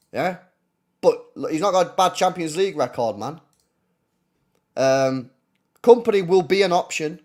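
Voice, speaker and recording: Animated, foul-mouthed football streamer. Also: male voice, high-pitched. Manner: animated, blunt and profane, repeats himself. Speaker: football channel host. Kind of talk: casual livestream chat.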